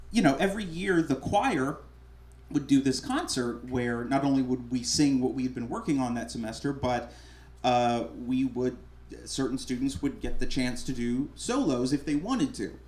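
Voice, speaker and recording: A man's voice: mid-range voice, slight background noise. A young man from Alabama hosting a live storytelling show on a small theater stage, chatty and joking at his own expense. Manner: chatty, self-deprecating, joking. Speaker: host. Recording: roomy live theater sound.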